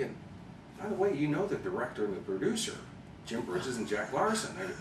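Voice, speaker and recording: A man from Chicago, an interview guest, telling animated anecdotes and acting out the people he quotes. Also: mid-range voice, fast. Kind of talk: storytelling interview. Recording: roomy, distant mic with background noise.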